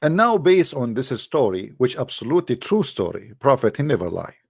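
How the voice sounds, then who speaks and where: A man's voice: mid-range voice, very animated, brisk, creaky, husky, no echo, clean studio sound. A man delivering a mocking, sarcastic monologue to viewers in broken, non-native English. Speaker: online commentator.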